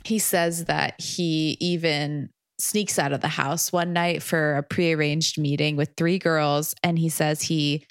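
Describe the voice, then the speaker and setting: A woman co-hosting a podcast who recounts a book in casual chat, unhurried and often laughing as she tells it. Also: sits low, fairly even intonation, clear, resonant tone, no room sound, studio quality. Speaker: podcast co-host.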